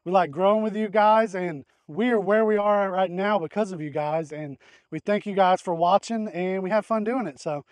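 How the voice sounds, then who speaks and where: A man's voice: high voice, normal speed, a little mellow, dry recording. A man hosting a farm vlog outdoors, explaining pest control in a folksy, rambling way. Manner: folksy, rambling, fillers and restarts. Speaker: farm channel host. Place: outdoors in a hay field.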